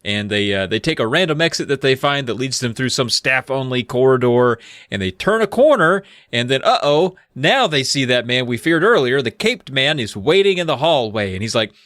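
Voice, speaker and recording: A man's voice: mid-range voice, expressive, moderate pace, a bit bright, no room sound, clean studio sound. A man co-hosting a podcast, recapping a book in a laid-back, joking way and swearing freely. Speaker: podcast co-host. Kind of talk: casual chat recapping a book.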